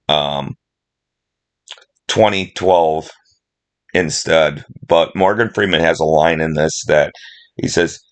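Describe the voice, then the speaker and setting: A middle-aged man rambling casually about movies he loves, emotional and full of fillers. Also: sits low. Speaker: movie vlogger.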